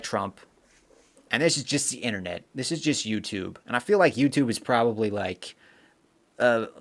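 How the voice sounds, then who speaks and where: Male streamer, casual chatty delivery, filler-heavy, mid-range voice. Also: medium pitch. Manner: chatty, reads viewer comments aloud, rambling with fillers. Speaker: livestream host. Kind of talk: casual live-stream chat.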